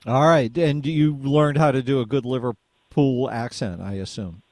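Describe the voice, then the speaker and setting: A man hosts a radio talk show. He asks questions with curiosity and states his views firmly. His voice is mid-pitched, and the sound is dry and close. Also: normal speed, a little mellow, no echo. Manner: inquisitive, opinionated. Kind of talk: casual radio interview.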